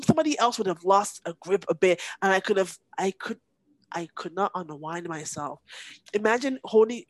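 A woman, a podcast guest telling a painful personal story in an intense, halting way that sometimes breaks off with emotion. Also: lowish voice, dry recording, low-quality recording. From Nigeria.

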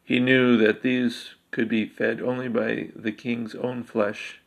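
Gravelly, flat-voiced man reading a story. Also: medium pitch, slow pace. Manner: steady, with slips and self-corrections. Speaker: narrator. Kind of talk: reading a dark fantasy story aloud.

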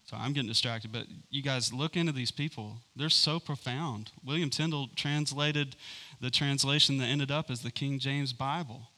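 Casual male preacher, keen and chatty, crisp bright voice, stumbles through fillers. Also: mid-range voice, fairly even intonation, moderate pace. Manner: enthusiastic, rambling with many fillers. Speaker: Bible teacher. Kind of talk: informal Bible teaching.

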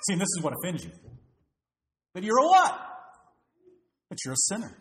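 Emphatic preacher man, lively high voice. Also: brisk. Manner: emphatic, with rhetorical questions to the congregation. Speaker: pastor. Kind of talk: sermon. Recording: roomy echo.

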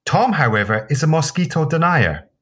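A man's voice: on the high side, moderate pace, breathy edge. A man with a Scottish accent co-hosting a podcast in casual chat, swearing freely and acting out what others said. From Scotland. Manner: animated, swearing, acts out quotes. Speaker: podcast co-host.

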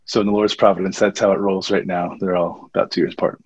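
A man's voice: deep voice, level tone, quick pace, breathy edge, no echo, lo-fi sound. A man talking earnestly as a guest in a casual conversation, often repeating his phrases. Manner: earnest and faith-centered, speaks in warm repeated phrases. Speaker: podcast guest.

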